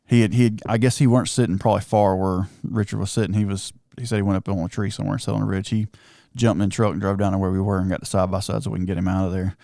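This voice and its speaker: Man, gravelly voice, lowish pitch, excited hunting storyteller, dry room. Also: very fast, hardly any pauses, no room sound. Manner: excited, animated storyteller, acts out quotes. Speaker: podcast host telling a hunting story. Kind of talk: casual storytelling chat.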